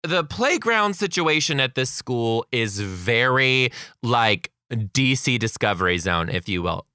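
Animated young man telling stories. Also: medium pitch, a little slow, smooth, dry recording, clean studio sound. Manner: animated, swearing, acts out kids' voices. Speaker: kindergarten teacher. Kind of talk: casual storytelling.

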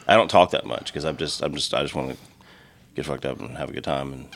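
Deep-voiced man, rambling chat. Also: fast talker, creaky. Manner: rambling, relaxed, swears freely. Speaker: podcast host. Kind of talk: casual chat. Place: room at home.

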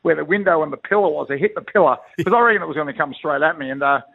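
Man, Australian accent, middle-aged, rapid talk, blokey rambling yarns, thin phone-line sound. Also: on the high side, animated, creaky, dry recording. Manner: blokey storyteller, slangy, rambling with restarts. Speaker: guest, former rugby league player. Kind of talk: casual radio interview by phone. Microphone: telephone. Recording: tinny dry phone line.

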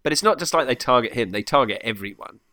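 A man's voice: mid-range voice, lively intonation, fast, pushed and bright, no echo. A man co-hosting a casual film review chat, talking loosely with frequent laughs and restarted sentences. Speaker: podcast co-host.

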